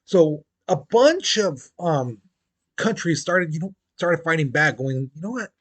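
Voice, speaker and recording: A man's voice: on the high side, lively intonation, takes it slowly, a bit bright. A man teaching a history lesson in a casual, chatty way, full of "you know" and "basically", acting out quotes in playful voices.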